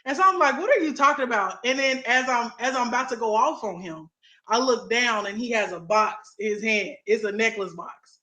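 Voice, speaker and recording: Bright, animated young woman in a roomy space. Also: a little high, moderate pace. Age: young adult. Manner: animated, laughing storyteller with restarts. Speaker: co-host. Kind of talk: casual chat, storytelling.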